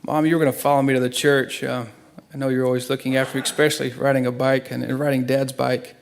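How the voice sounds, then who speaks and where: A middle-aged son delivers an emotional eulogy in a church, earnestly telling stories as his voice shifts between hushed and loud. He has a medium pitch, level tone, and creaky quality, and he speaks at a quick pace.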